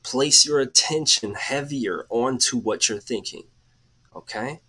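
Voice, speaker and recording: A man hosting a live motivational talk in a casual way, with frequent "okay" and "all right", who leads slow, calm breathing cues. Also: medium pitch, husky. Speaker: motivational host.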